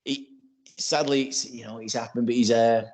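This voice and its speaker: A man's voice: mid-range voice, steady tone, normal speed, a little mellow. Rambling man in his forties. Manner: rambling, full of "you know" and restarts. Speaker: podcast co-host. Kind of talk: casual podcast chat.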